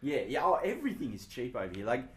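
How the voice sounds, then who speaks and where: An Australian man chatting casually, rambling through his stories and poking fun at himself. His voice sits at an ordinary pitch and rings a little in an echoey room. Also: huge pitch swings, fast, a bit bright. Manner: rambling, self-deprecating storytelling. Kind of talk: casual chat.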